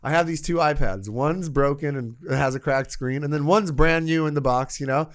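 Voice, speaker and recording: A man from Canada, a podcast guest, telling a profane, animated story and acting out the voices of the people in it. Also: on the high side, normal speed. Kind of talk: casual storytelling.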